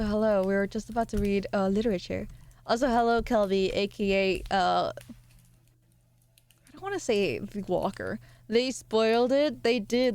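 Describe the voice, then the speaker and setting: A woman streamer chatting casually with her viewers, excitable and giggly, often jumping up into squealy highs. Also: smooth, no room sound. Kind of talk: casual live-stream chat.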